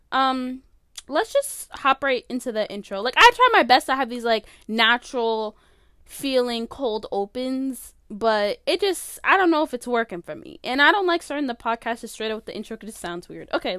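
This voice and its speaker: A woman's voice: a little high, big pitch swings, normal speed, bright, forceful tone, no room sound, clean studio sound. A woman in her late teens hosting her own podcast from her bedroom, chatting casually in a rambling way full of "like" and "um", often stopping herself mid-sentence. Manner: rambling, filler-heavy, self-interrupting. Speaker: podcast host. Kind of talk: casual solo podcast chat. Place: bedroom at home. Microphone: phone.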